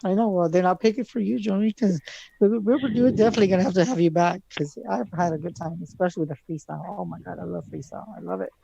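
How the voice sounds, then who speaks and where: A woman's voice: fairly low pitch, steady tone, fast, vocal fry, dark tone, breathy edge, dull audio. A woman hosting a call-in radio show, friendly and a little hesitant, often repeating words. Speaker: radio host. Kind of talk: casual call-in radio chat.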